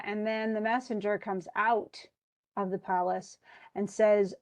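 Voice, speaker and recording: A woman teaching literature, retelling a tragedy and reading its lines aloud, with lively storytelling and many restarts. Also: medium pitch, normal speed. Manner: animated storytelling, reads quoted lines aloud, frequent restarts. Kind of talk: lecture retelling a play.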